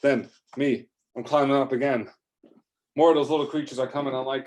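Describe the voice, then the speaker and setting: A man telling an improvised first-person adventure story in a rambling, excitable way, full of fillers and restarts. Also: mid-range voice, fairly quick, a little hiss or hum.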